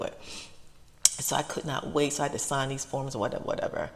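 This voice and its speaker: A woman hosting an ASMR channel, talking in a halting, soft-spoken ramble from inside a parked car, close to tears, repeating herself with lots of fillers. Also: very deep voice, little pitch movement, in a large hall.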